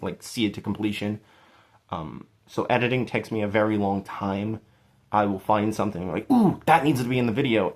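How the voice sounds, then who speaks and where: A young man speaking to his viewers in an earnest, rambling and self-deprecating way, with many restarts. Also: fairly low pitch. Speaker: YouTuber thanking subscribers. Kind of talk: heartfelt casual vlog monologue.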